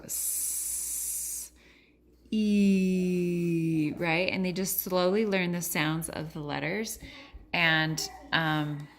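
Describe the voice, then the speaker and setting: A woman's voice: low-pitched, a bit bright. A woman in her thirties, a mother chatting casually at home about teaching her kids, rambling with lots of fillers and switching to sing-song praise for her children. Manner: chatty and rambling, full of "like" and restarts. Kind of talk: casual home vlog chat.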